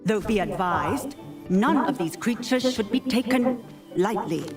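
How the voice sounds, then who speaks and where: A stern, formal magic professor. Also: female voice, on the high side, expressive, unhurried, over music. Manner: formal, cautionary lecturing. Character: stern older female beast-class professor. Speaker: game character, magical creatures professor. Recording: game audio, roomy and distant.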